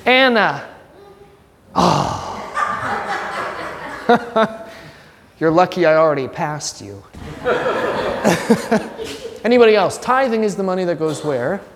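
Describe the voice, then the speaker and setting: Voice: medium pitch, big pitch swings, slow pace, long pauses, a crowd in the background. Casual joking teacher quizzing the class, heard in a room with long reverb. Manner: conversational, joking, quizzes students by name. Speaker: religion teacher. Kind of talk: classroom lesson with student questions.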